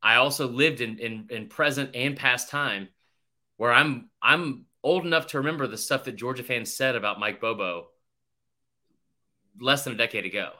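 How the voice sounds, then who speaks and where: A young man with a sharp-toned, mid-range voice talks at normal speed while co-hosting a casual sports podcast, rambling, swearing often and telling stories with quoted voices.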